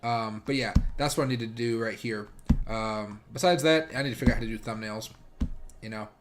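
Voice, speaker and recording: A man's voice: on the low side, a little fast, background noise. Rambling man chatting on a livestream. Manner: rambling, many filler words. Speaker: livestream host. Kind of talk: casual livestream chat with viewers.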